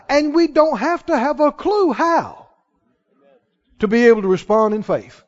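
A man preaching as pastor in a church sanctuary sounds folksy and emphatic, working up to exhortation. His very high-pitched voice is animated and a little slow. The church hall recording is dull and reverberant.

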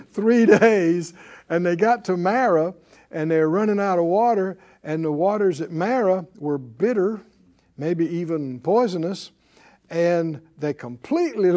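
A man with a drawl leads a Bible class in a high, bright voice. He talks in a folksy, emphatic way and stops to have his class repeat lines back to him. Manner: folksy and emphatic, laughing often, acts out quotes. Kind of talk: preaching a Bible class with call and response.

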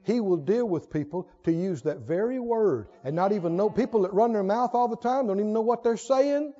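A male pastor preaching to a congregation, animated, often laughing and firing rhetorical questions at the audience. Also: sits high, fairly quick. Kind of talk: sermon. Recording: dull lo-fi recording.

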